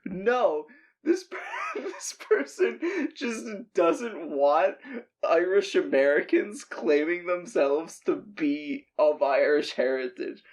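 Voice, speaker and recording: Podcast dude, somewhat high voice, rambles and restarts, chuckles a lot. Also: male voice, big pitch swings, takes it slowly. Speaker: podcast co-host. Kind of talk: casual comedic chat.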